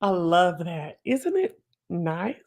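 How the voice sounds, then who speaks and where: Gravelly-voiced woman chatting on a live stream. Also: fairly low pitch, very animated, darkish tone, slight background noise. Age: 40s. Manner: chatty and reflective, with many fillers and quick asides. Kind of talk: casual live stream chat.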